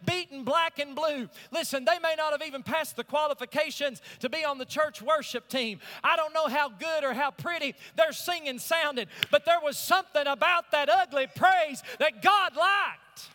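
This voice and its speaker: A male pastor preaching a sermon, swinging from hushed to shouting, in a church sanctuary. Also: extremely high pitch, moderate pace, hardly any pauses. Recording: church hall reverb.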